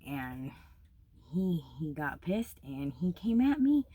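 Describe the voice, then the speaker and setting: A woman's voice: deep voice, takes it slowly, breathy edge. Gritty, foul-mouthed young woman storyteller. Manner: profane, blunt, animated when reliving events. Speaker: traveler telling a story. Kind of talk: casual storytelling.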